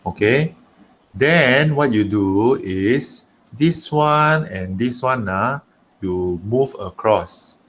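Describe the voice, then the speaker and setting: A man's voice: mid-range voice, lively intonation, extremely slow, fairly bright tone, a little hiss or hum. A man with a Malaysian English accent teaching an online maths lesson, chatty and emphatic, repeating himself and talking while he writes.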